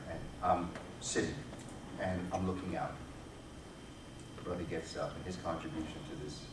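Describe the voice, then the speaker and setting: A man's voice: low-pitched, far from the mic. A man giving a public lecture to an audience, emphatic and preacher-like, driving his points home with repetition. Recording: echoey hall, recorded from afar, noisy.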